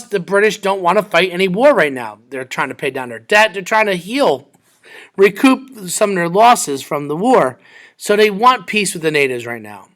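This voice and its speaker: Bright-voiced man teaching history. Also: high voice. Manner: conversational, acts out quoted exchanges. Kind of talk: classroom history lesson.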